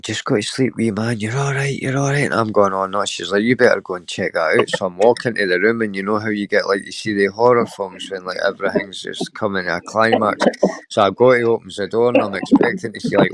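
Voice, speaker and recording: A man's voice: lowish voice, a little hiss or hum. A man with a Scottish accent, chatting casually and telling rambling stories with frequent laughs. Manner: rambling storyteller, laughs often. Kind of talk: casual chat.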